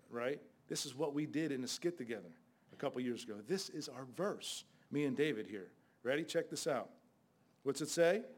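Guy preaching a sermon, talks blunt and chatty, slightly high voice, gets loud in bursts. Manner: blunt, conversational preaching with sudden outbursts.

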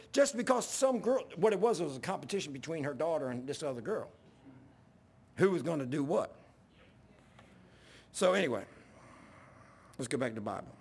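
A male pastor preaching a sermon in a church, telling folksy stories and rising to yelling when worked up. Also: on the high side, slightly rough. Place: church sanctuary.

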